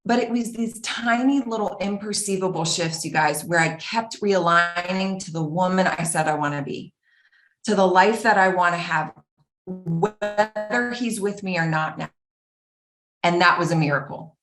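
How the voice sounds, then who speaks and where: A woman's voice: lowish voice, moderate pace, faint music behind. Earnest woman telling a story, roomy echo. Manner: earnest, animated, acts out quoted voices. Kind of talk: personal storytelling talk.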